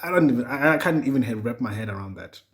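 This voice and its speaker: A man's voice: mid-range voice, lively intonation, fast talker. A young man hosting a solo podcast, rambling casually with plenty of swearing and chuckles. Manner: rambling, profane, chuckling often. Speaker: podcast host.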